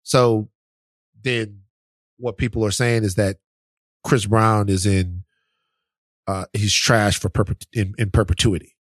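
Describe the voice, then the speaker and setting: A podcast co-host in casual chat, talking in an animated, teasing way and swearing casually. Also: medium pitch, measured pace, long pauses, no room sound, studio quality.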